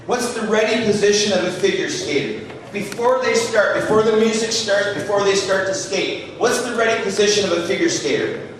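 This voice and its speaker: A man teaching hockey skating to a live audience, animated and jokey as he demonstrates moves. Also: high voice, normal speed, a little hiss or hum. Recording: echoey hall, distant mic.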